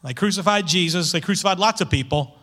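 A middle-aged male pastor preaching a sermon, animated and asking the congregation rhetorical questions. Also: sits high, quick pace.

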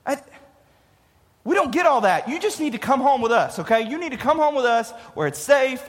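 A man plays flustered parents coaxing their child home, high and anxious. A long hall reverb trails the voice. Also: sing-song, a little fast. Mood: pleading.

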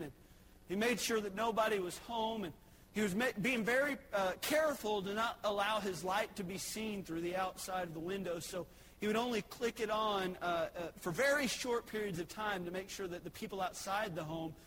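Preacher man, bright sharp voice, fired up then hushed, bit of room hiss. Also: high voice, rough recording. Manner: fervent, swings between loud exhortation and hushed earnestness. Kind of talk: sermon.

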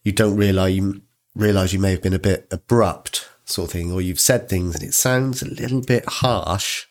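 A man co-hosting a podcast in a casual chat, speaking in a calm, supportive and reassuring way. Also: sits low, moderate pace. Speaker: podcast co-host.

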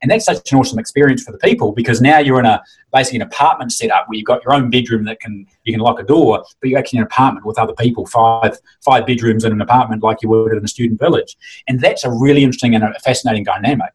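A man's voice: mid-range voice, very fast, slightly rough, rough recording. A man who runs a fitness convention, chatting enthusiastically and acting out quotes as he tells stories. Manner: enthusiastic, animated storytelling with mimicked quotes. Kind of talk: casual conversation.

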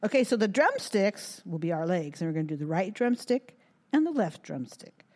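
Brief: woman, kids' program presenter, lively sing-song delivery, very expressive pitch. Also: moderate pace. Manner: animated, sing-song, encouraging. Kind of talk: children's finger plays and songs.

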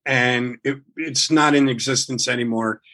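A man guest telling a long story in a casual, animated way, swearing freely and rambling with restarts. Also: medium pitch, unhurried. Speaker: guest musician.

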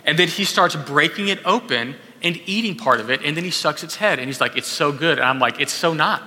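A man's voice: fairly high pitch, brisk, sharp tone, a little hiss or hum. A pastor delivering a conversational sermon, acting out quotes as he goes. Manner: conversational preaching with acted quotes. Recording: echoey hall.

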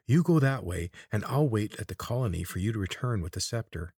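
Man voicing a sharp young woman, hissing, bossy, pitched up, storybook character. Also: animated, a little fast, husky, no room sound, clean studio sound. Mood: urgent, sly.

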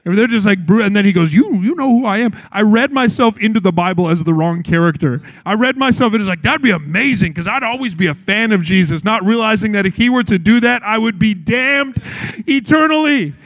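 A man's voice: high voice, expressive, fairly quick, fairly bright tone. A man preaching a sermon with feeling, acting out the quoted lines as he goes. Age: adult, recalls his childhood. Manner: earnest, acts out quotes with shifts in voice. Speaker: pastor.

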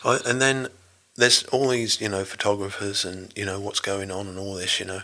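A man's voice: fairly low pitch, level tone, moderate pace, bright, forceful tone. Rambling older British man telling a story. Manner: rambling, full of restarts and "you know". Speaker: interview guest, former navy rescue diver. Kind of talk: storytelling in a casual interview.

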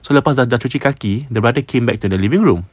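A man's voice: medium pitch, rapid-fire, husky, dry recording. A man with a Malaysian English accent, telling a ghost story casually, chatty and sprinkling in Malay words. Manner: chatty, mixes Malay words, frequent restarts.

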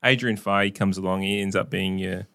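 A man hosting a podcast interview, chatty and quick to laugh along with his guest. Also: low voice, fairly even intonation, vocal fry, a bit bright, dry recording. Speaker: podcast host. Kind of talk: casual interview.

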